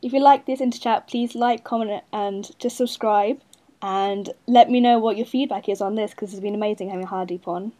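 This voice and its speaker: A woman's voice: medium pitch, brisk, warm tone. A woman hosting a casual interview, encouraging and enthusiastic toward her guest. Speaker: interview host.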